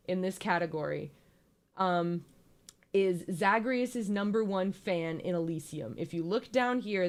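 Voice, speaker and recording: A young woman giving a casual, joking slideshow presentation, playful and giggly with lots of ums. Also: fairly low pitch.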